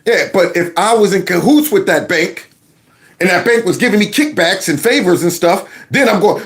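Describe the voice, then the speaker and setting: Fired-up man with a higher voice. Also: expressive, normal speed. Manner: emphatic, colloquial, indignant; big pitch swings for emphasis. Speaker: political commentary host. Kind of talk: opinionated commentary vlog.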